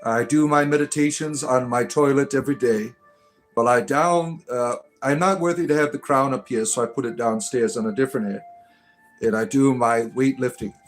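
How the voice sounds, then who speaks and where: An older man rambling through mock-spiritual replies to comments, halting and chuckling, with an irreverent deadpan manner. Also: medium pitch, faint music behind. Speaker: comedic spiritual character responding to comments. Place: Ireland.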